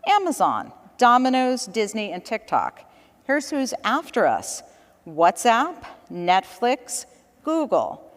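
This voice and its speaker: Her voice is on the high side and fills a big room as she speaks from a conference stage. A communications director appearing as a panel guest, she tells stories in a chatty way and laughs between points.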